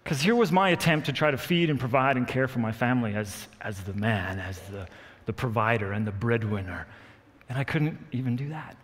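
A man preaching to his church, telling a personal story in an animated, self-mocking way and acting out what people said. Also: medium pitch, brisk. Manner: animated storyteller, acts out quotes, laughs at himself. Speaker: pastor. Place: church hall. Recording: long reverb of a church hall.

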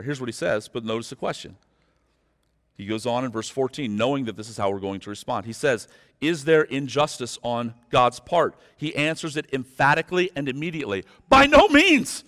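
Male pastor, sermon, mid-pitched, fervent and pleading, long church-hall echo. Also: expressive. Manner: swings from quiet and slow to loud and fervent; direct, pleading with listeners. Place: church sanctuary.

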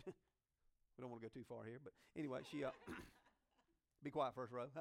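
A man preaching a sermon, retelling a Bible story in a folksy, joking way and acting out the characters' lines. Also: fairly high pitch.

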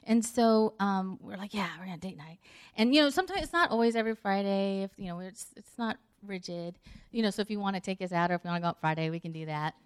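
A woman's voice: mid-range voice, quick pace, clear, resonant tone. A middle-aged woman giving a conversational sermon, telling a story with acted-out dialogue and laughter. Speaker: speaker.

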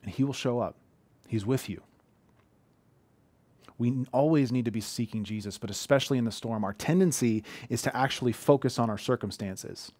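In his living room, a pastor in his thirties gives an earnest, conversational sermon built on heartfelt personal stories. His mid-range voice has a darkish tone, normal speed, and no echo.

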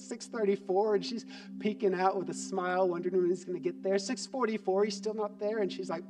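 A man's voice: high voice, fairly even intonation, a little fast. A male pastor preaching a sermon, telling a story and dropping his voice for emphasis. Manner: storytelling, drops quiet for emphasis. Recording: distant mic with background music.

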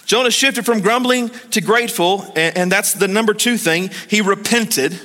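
A man preaching a sermon as pastor of a church, telling stories in a lively way and calling on the congregation to answer him. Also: high-pitched, normal speed. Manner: lively storytelling, calls on the congregation to respond. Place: church hall. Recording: long hall reverb.

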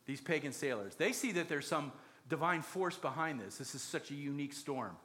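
A man's voice: a little high, lively intonation, brisk, pushed and bright. A man preaching a sermon, telling the story with jokes and acted-out quotes. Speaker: pastor.

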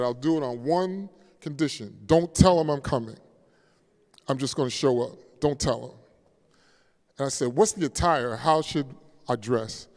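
A man preaching a sermon as pastor, moving from forceful declarations to a hushed storytelling tone. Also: fairly high pitch. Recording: long church reverb.

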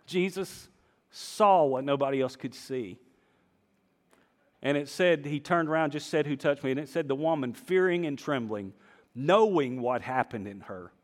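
Animated preacher in a reverberant hall. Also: male voice, a little high, moderate pace. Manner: animated storytelling, acting out voices, swings from hushed to loud. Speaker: pastor. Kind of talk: sermon. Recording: long reverb of a large hall.

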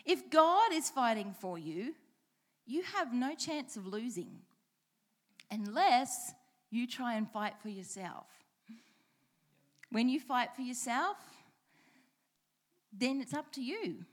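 A woman delivers a sermon at an unhurried pace, her voice sitting a little high. She reads scripture aloud and returns to key phrases, changing which word she stresses. She puts direct questions to her listeners. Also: big pitch swings. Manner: reads scripture aloud slowly, repeats lines with shifting emphasis; earnest, direct questions to the congregation. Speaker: preacher.

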